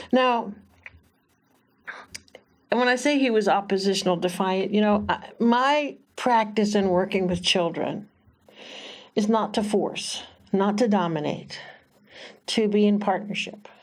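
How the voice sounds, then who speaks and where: A woman minister telling a personal story in a halting, chatty way, often laughing and animating her quotes. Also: medium pitch. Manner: lively quoted voices.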